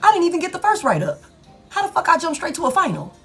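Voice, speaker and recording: A woman doing a shrill panicked worker. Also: wildly swooping pitch, fast talker, a bit bright, soft background music, exaggerated voice. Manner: shrill disbelieving cursing. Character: panicked cursing person losing their job.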